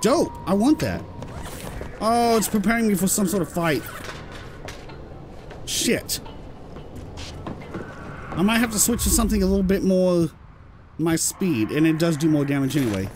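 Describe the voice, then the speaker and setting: A British man giving excitable let's-play commentary and swearing when surprised. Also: sits high, a little slow, long pauses, music in the background. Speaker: gameplay commentator.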